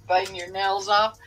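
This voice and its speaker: A woman's voice: mid-range voice, pushed and bright, poor audio. A woman chatting casually with friends on a voice call, easygoing and laughing along.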